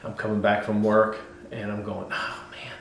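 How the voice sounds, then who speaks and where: Animated storytelling pastor, roomy echo. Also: male voice, on the low side, normal speed, slight background noise. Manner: animated storyteller, swings from loud to hushed. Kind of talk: casual testimony interview.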